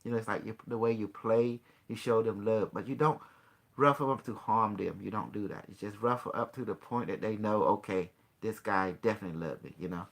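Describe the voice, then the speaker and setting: A man's voice: lowish voice, a little fast, creaky. A man hosting a call-in show, talking casually in a rambling, boastful way. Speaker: show host.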